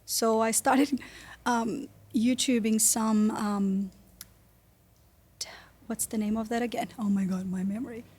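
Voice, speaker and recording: A woman's voice: a little high, steady tone, unhurried, long pauses, a little mellow, breathy edge. A woman from Brazil with a Brazilian accent, chatting as a guest in a casual interview and laughing often. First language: Portuguese. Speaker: guest singer.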